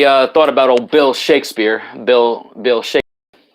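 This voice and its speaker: Medium in pitch and at a normal speed, this New York man chats casually on his live stream and replies to comments from viewers. He rambles a lot, restarting sentences and repeating words.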